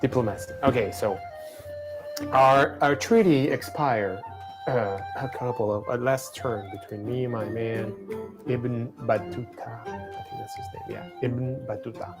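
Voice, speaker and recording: A man casually co-hosting a livestream, playfully and excitably talking through a strategy game. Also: medium pitch, measured pace, over music.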